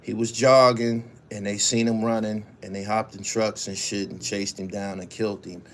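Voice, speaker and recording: A man's voice: lowish voice, little pitch movement, moderate pace. A man hosting his own show, reading news stories aloud and then giving casual, profane commentary while answering viewers' chat. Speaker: show host.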